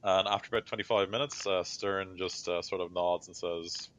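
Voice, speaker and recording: A man's voice: low-pitched, fairly even intonation, moderate pace, a bit bright. A man narrating as game master of a tabletop game, speaking in a loose style with many fillers. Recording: slightly dull lo-fi mic.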